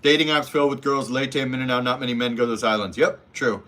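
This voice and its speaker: A man's voice: medium pitch, quick pace, pushed and bright. Blunt, foul-mouthed man on a livestream. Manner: blunt, profane, mimics voices in anecdotes. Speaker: livestream host reading chat. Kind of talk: casual livestream chat.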